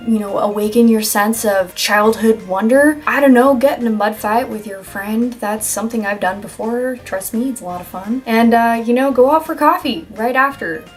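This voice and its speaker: A young woman talks through self-care tips in a loose, rambling vlog, joking at herself and swearing now and then. Her voice sits a little high. Faint music plays under her. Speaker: vlogger. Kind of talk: casual self-help vlog.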